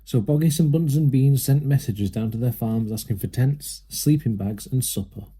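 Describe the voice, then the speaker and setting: Guy reading a kids book out loud, really dark mellow voice, a bit husky. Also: mid-range voice, moderate pace. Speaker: reader. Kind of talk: storybook read-aloud.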